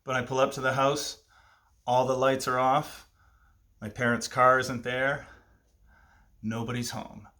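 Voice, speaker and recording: Animated man in his fifties telling a story. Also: mid-range voice, unhurried, long pauses. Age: 50s. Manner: lively, animated, self-amused with asides. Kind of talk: live personal storytelling.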